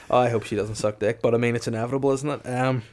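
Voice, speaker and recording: A man's voice: medium pitch, creaky. A man, co-hosting a casual comedy podcast and telling crude stories with frequent laughter. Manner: crude storytelling, laughs often. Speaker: podcast co-host.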